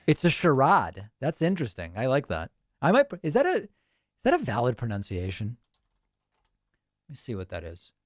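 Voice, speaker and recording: A man hosts a live show and comments on a video clip, sarcastic and openly incredulous. His pitch swings widely as he talks, and the sound is dry and close, with no room around it. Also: wildly swooping pitch, moderate pace, pauses often, no echo. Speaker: host reacting to a clip.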